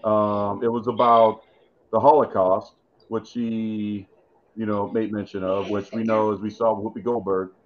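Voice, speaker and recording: A man's voice: lowish voice, flat delivery, moderate pace. Rambling male podcast co-host. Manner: rambling, thinks aloud with many fillers. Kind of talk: casual chat about wrestling. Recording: muffled lo-fi audio.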